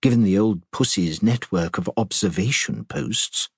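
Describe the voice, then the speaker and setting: A man voicing a young vicar's wife who talks in a brisk, teasing, quick-witted way. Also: lowish voice, vocal fry, husky, no room sound, clean studio sound, exaggerated voice.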